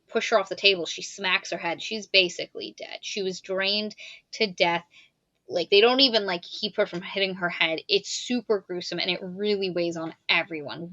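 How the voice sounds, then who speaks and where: A woman co-hosting a podcast, retelling a novel's plot in casual, animated chat, swearing and quoting characters. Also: medium pitch, no echo, highs cut off. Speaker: podcast co-host. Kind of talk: casual book review chat.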